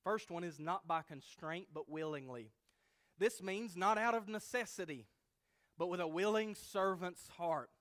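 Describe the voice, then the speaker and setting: Emphatic preacher with a slightly high voice. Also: male voice, measured pace, fairly bright tone. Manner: emphatic teaching, checks in with "okay?". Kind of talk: expository sermon.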